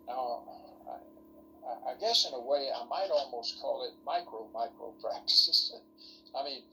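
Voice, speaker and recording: Gravelly man giving a folksy lecture. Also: mid-range voice, bright, forceful tone, a little hiss or hum, poor audio. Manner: folksy, rambling, full of rhetorical questions. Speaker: lecturer teaching ministry students. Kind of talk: online workshop lecture. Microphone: video call.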